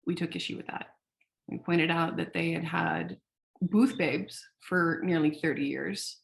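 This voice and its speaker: Woman guest, candid founder, animated storyteller, swears freely. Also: on the low side, creaky. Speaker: founder of a sexual wellness company, podcast guest. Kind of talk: casual interview storytelling.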